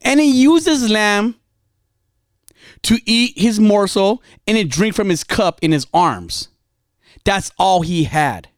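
A man giving an impassioned spoken sermon, telling a story dramatically and shifting between quiet confession and fiery urging. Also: sits high, animated, slow, no room sound, studio quality.

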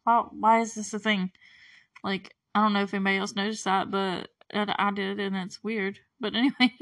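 A woman's voice: medium pitch, level tone, moderate pace, fairly bright tone, no echo. Young female podcast host, casual rambling recap, giggly and quizzical; dry, slightly distant mic. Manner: rambling, chatty, laughs often, puzzled asides.

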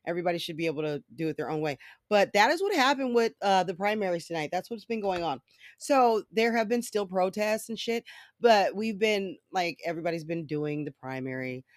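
A podcast host talks alone in loose, rambling monologue, peppering every thought with profanity. The voice sits at a middle pitch. The recording is dry, with no room sound around it. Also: expressive, brisk, dry recording. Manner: swears freely, rambling storytelling. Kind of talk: casual solo podcast monologue.

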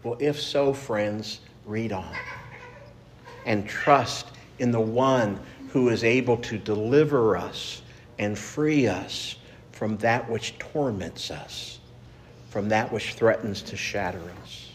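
Slow-speaking preaching man. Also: on the low side, slight background noise. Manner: earnest, measured preaching with emphatic repetitions. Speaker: pastor. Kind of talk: sermon.

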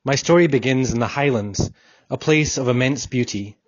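A man narrating an audiobook in a solemn, measured first-person reading. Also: medium pitch, dry recording. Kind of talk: scripted narration. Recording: dull, dry audiobook recording.

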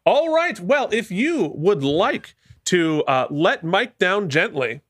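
A man with a high, bright voice co-hosts a casual podcast, swinging his pitch widely as he jokes and laughs. He sounds animated and playful, recorded close and dry. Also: slow, no room sound. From Vermont. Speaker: podcast co-host.

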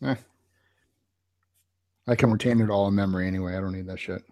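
A man co-hosting a podcast, laid-back and deadpan, with the odd swear. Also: low-pitched, fast talker, no room sound. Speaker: podcast co-host. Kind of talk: casual chat.

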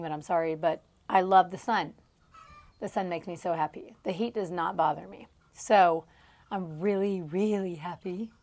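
A woman hosting a podcast, telling a rambling, animated story with frequent laughter while recording outdoors. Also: mid-range voice. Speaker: podcast host; entrepreneur and mom. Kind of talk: casual storytelling monologue. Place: outdoors on a farm.

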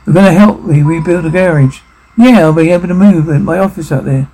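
A man's voice: on the high side, brisk, mellow, husky, poor audio. An actor playing a cheerful father, talking eagerly in a film scene. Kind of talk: film drama acting. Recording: film soundtrack with music behind.

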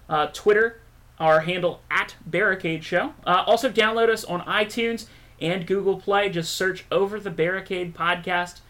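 A man co-hosting a podcast in loose, casual chat. His voice sits high and sounds bright and forceful. He jokes and teases his partner as they trade banter. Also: moderate pace. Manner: joking, teasing banter. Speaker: podcast co-host.

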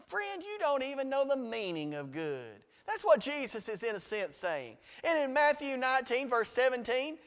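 A man preaching a sermon with fervor, swinging between loud declarations and quiet, low passages. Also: big pitch swings, normal speed, hardly any pauses, big-room sound. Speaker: pastor.

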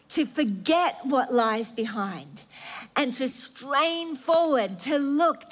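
Woman preacher, high voice, unhurried, earnest and emphatic delivery with occasional restarts. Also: a bit bright. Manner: earnest, emphatic, drawn-out phrases with stammering restarts. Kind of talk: sermon.

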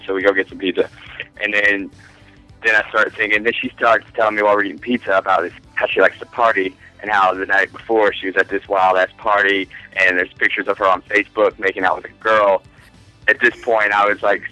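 A man's voice: fairly low pitch, flat delivery, fairly quick, sharp tone, dry recording, soft background music, rough recording. A man in his twenties, a podcast guest, telling a long rambling story in casual, profane chat with frequent laughs.

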